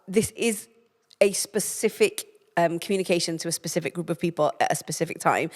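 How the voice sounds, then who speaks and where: A woman co-hosting a casual Bible discussion podcast, reflective and thinking aloud with many fillers. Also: fairly low pitch. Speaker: podcast co-host. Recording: roomy reverb.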